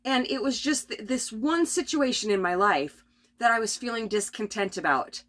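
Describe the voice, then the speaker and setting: A middle-aged woman rambling through a spontaneous spiritual vlog from her RV, tired and coughing, with many restarts and soft laughs. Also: on the high side, expressive, moderate pace. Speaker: vlogger. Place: at home in an RV.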